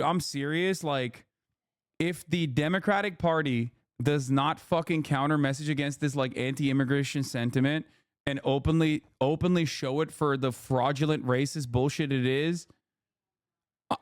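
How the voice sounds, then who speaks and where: A man's voice: mid-range voice, no echo, studio quality. A man in his thirties streaming live commentary, talking in a heated, profane, lecturing way to his chat. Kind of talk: livestream commentary.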